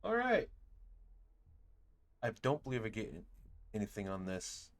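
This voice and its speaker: A man's voice: lowish voice, a little slow. A man playing a tabletop game, chatting casually, joking and rambling with fillers. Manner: lively and jokey, rambling with fillers. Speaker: player.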